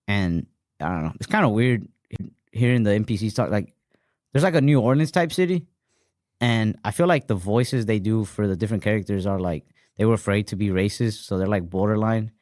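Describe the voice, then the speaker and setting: A man's voice: on the low side, animated, fairly quick, darkish tone, dry recording, studio quality. Profane joking podcast co-host man. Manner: loose, profane, riffing banter. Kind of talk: casual comedic chat.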